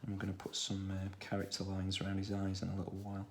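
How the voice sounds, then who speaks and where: A man with a Stoke-on-Trent accent, talking through a children's drawing tutorial in a relaxed way, thinking aloud as he draws. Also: deep voice, fast, gravelly, slight background noise. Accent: Stoke-on-Trent English. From England. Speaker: art tutor.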